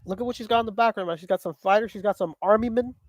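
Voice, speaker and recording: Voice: medium pitch, very fast, no echo. A podcast co-host in casual chat, enthusiastic and slangy in his banter.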